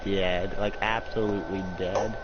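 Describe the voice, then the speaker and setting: A man's voice: deep voice, little pitch movement, unhurried. A man narrating an improvised role-play story, rambling with many restarts and "like" fillers. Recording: muffled lo-fi with loud hiss.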